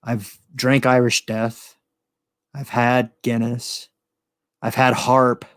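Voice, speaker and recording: A man's voice: mid-range voice, level tone, takes it slowly, dry recording, clean studio sound. An American man hosting a podcast stream, chatting casually in a profane, rambling way with frequent laughs. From United States. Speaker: podcast host. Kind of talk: casual livestream chat.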